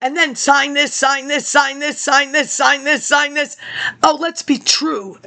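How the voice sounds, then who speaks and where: A woman's voice: high voice, fairly even intonation, a little slow, creaky, bright, forceful tone. A woman in her fifties, a vlogger rambling through a personal story and jumping between tangents as she talks straight to her viewers.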